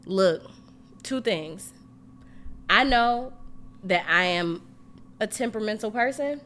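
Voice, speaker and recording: Frank, animated woman podcast host. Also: medium pitch, takes it slowly. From family roots in Mississippi and Louisiana. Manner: animated, frank, swears freely, many "like" fillers. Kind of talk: casual podcast chat.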